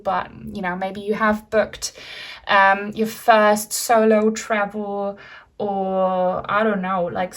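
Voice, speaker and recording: A woman giving a pick-a-card tarot reading in a gentle, rambling way, with many fillers and soft laughs. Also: mid-range voice. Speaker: tarot reader.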